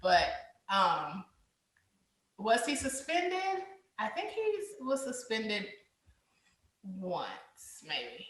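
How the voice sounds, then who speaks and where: A woman co-hosting a podcast, telling a classroom story slowly and expressively. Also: medium pitch, echoey room. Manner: slow, expressive, laughs through her stories. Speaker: co-host and teacher. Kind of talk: casual storytelling chat.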